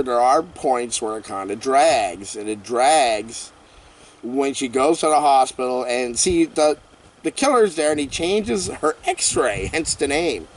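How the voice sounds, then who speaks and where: A man's voice: medium pitch, recorded from a distance, a little hiss or hum. A man rambling playfully through a horror movie recap outdoors, full of jokes and asides. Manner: playful, jokey, lively storytelling full of asides. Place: outdoors on a windy day.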